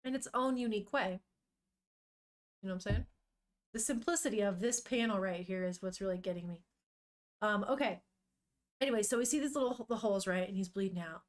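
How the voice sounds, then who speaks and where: A woman's voice: mid-range voice, a little fast, long pauses. A young woman streamer chatting casually and emotionally while reading a comic aloud, swearing now and then. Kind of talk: casual live-stream commentary.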